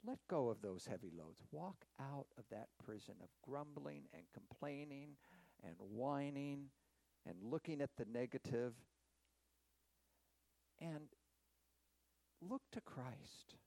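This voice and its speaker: A man preaching a sermon as a pastor, slow and emphatic, leading the congregation in reading scripture. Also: creaky, no echo, rough recording. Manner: slow, emphatic preaching with lively rising and falling pitch.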